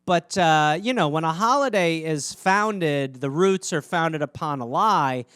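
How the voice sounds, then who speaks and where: A man's voice: on the high side, lively intonation, a little slow, fairly bright tone, smooth, no echo, clean studio sound. A man hosting a comedy podcast, riffing alone in a rambling, sarcastic, mock-outraged way. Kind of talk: solo comedic riffing monologue.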